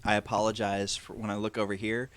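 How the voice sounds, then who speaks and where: A man's voice: lowish voice, level tone, quick pace, fairly bright tone. A man narrating as game master, explaining what the players know over a video call. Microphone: desk mic on a video call.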